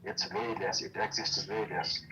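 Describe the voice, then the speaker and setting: A man in a casual online debate, speaking in a calm, philosophical way. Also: fairly low pitch, moderate pace, recorded from a distance, a little hiss or hum, poor audio.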